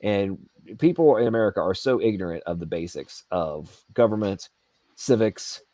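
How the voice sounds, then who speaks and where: A man's voice: lowish voice, moderate pace, mellow, no room sound. A man hosting an aftershow, ranting heatedly and sarcastically about government waste. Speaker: show host. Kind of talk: aftershow rant. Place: Asheville home studio.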